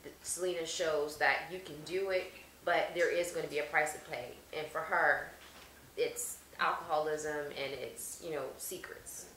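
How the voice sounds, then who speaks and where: A woman actress talking in a casual interview, reflective and animated when telling stories. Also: deep voice, normal speed, reverberant, a little hiss or hum, rough recording. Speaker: actress guest.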